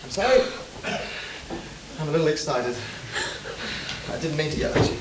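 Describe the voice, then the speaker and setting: An actor playing an incredulous, blustering husband who swears about a burglary, on a live stage. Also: male voice, on the high side, big pitch swings, moderate pace, heavy background noise. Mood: outraged. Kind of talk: live amateur stage comedy. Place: theatre stage. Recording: distant echoey stage, audience laughter.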